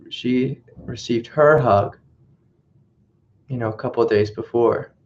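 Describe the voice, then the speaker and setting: A spiritual teacher with a mid-range, slightly mellow voice tells a story reflectively during a satsang teaching talk, often repeating his phrases. The webcast audio is dull and lo-fi.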